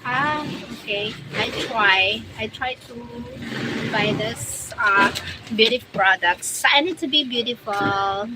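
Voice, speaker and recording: A Filipino woman hosting a casual livestream, reading viewer comments aloud and answering in halting English mixed with Tagalog. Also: fairly high pitch, heavy background noise. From Philippines. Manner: switches between English and Tagalog, halting English with restarts. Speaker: livestream host.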